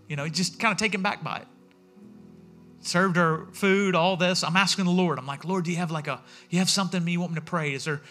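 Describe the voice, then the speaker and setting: A man preaching a sermon as pastor in a church, telling stories in a lively way and acting out what people said. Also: a little high. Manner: animated storytelling, acting out quotes.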